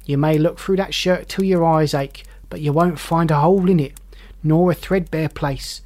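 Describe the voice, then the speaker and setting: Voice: medium pitch, steady tone, normal speed, darkish tone, natural voice. The narrator puts on a coarse old woman in a storybook reading. She is brash and defensive, talking as if daring anyone to argue. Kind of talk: audiobook character voice.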